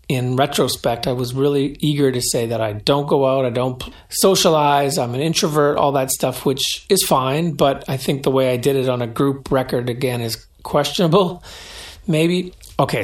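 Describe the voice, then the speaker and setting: A man talks loosely through his own old songs, stopping to poke gentle fun at himself. His voice sits in an ordinary middle pitch and his delivery is relaxed and unscripted, peppered with fillers and small restarts. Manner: relaxed and self-deprecating, with frequent "uh" and "like". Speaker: musician commenting on his own album. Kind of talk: casual spoken track-by-track commentary.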